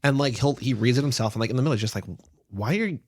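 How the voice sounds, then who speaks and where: A man's voice: mid-range voice, steady tone, racing, dry recording. A man co-hosting a book podcast, trading dry teasing remarks and reading out his prepared thoughts. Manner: dry teasing, reads prepared notes aloud. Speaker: podcast co-host. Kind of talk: casual book-club chat.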